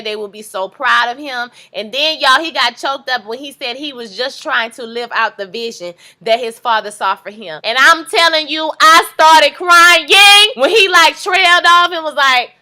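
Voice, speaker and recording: A woman recapping a TV episode in a casual, animated way, talking straight to her viewers. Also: on the high side. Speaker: TV recap vlogger.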